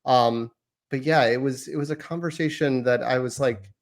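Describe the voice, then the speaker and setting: A man's voice: medium pitch, steady tone, moderate pace. A man in his thirties hosting a casual podcast, talking in a chatty, rambling, self-deprecating way. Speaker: podcast host.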